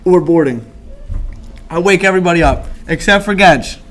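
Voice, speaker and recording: A young man hosting a podcast, telling a story in casual chat with laughs and quick self-corrections. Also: high-pitched, animated, fairly bright tone. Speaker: podcast host.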